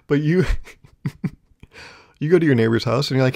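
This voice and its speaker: A man's voice: fairly high pitch, moderate pace, gravelly, pauses often, darkish tone. A young man hosting his own podcast, telling rambling, self-deprecating comic stories in a solo monologue. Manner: rambling, self-deprecating storytelling with frequent laughs. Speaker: podcast host.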